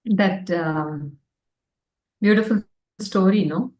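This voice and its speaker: A woman, teaching a spiritual study group and telling a story in a reflective, gentle way, often pausing to search for words. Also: mid-range voice. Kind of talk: storytelling scripture class. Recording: roomy sound from a distant mic.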